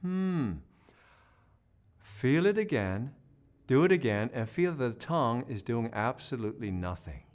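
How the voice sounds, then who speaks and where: A man's voice: medium pitch, sing-song, measured pace, a little mellow. A man teaching a singing lesson, coaching and demonstrating vocal sounds and sung notes, with encouraging talk.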